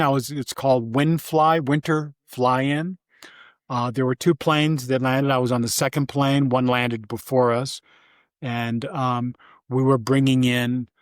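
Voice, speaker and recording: Older man telling stories, dry close sound. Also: dry recording. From Vermont, USA. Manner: rambling, halting, with many restarts and fillers; briefly mimics his mother in a high voice. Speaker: interview guest. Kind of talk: casual storytelling interview.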